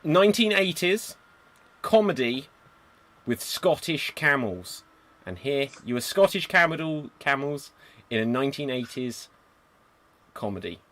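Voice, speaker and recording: A man hosting a live online improv comedy show, briskly calling freezes and reading out audience suggestions. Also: mid-range voice, big pitch swings, fairly bright tone.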